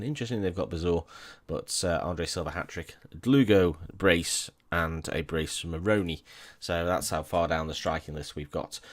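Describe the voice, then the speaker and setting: Brief: deep-voiced gaming commentator, chatty, wry, self-correcting. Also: male voice. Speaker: gaming YouTuber. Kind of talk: casual game commentary.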